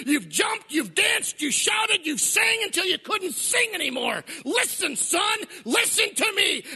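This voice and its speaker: A man's voice: very high voice, heavily acted. A man voicing a stern but loving old father who scolds and pleads with his son. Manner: scolding, pleading, building to shouted preaching.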